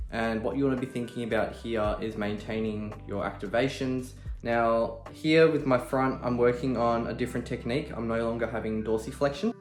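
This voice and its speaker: A young man with an Australian accent chatting through a casual fitness vlog in an upbeat, laid-back way, explaining his training. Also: mid-range voice. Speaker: fitness vlogger.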